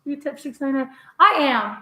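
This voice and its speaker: Excitable woman with a high voice reading chat on a webcam live stream, echoey room. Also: a little fast. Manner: gushing, excitable. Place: home room. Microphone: webcam on tripod. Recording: echoey room, faint noise.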